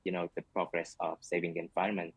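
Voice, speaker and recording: A man's voice: low voice, little pitch movement, fast talker, slightly rough, poor audio. A man answering speaking test questions in a hesitant way, heard through a played-back recording of the test. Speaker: exam candidate.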